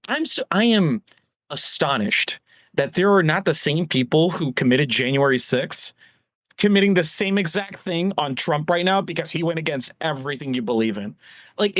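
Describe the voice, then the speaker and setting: Brief: lively, swearing male co-host, rants fast, dry home mic. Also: a little high, no echo. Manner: animated, profane, mimics politicians. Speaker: podcast co-host. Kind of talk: casual political rant. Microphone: home microphone.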